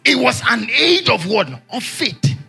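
A high, bright-voiced male pastor preaching in a sing-song, call-and-response style. His tone is rough and raspy with a gravelly edge, and his pitch leaps up and down as he shouts questions to the church. Faint music plays behind him. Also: sing-song, unhurried.

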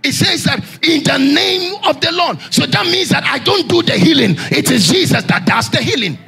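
A man preaching a sermon as pastor, raising his voice in shouted, singsong lines and asking the congregation questions for them to answer. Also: very high voice, expressive, normal speed, vocal fry, faint music behind. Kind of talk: call-and-response sermon.

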